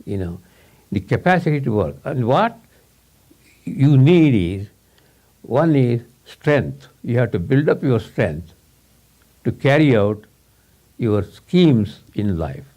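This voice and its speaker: A man's voice: medium pitch, very animated, slow pace, long pauses, dark tone. A man giving a rambling, informal talk to a small audience, repeating words and laughing often.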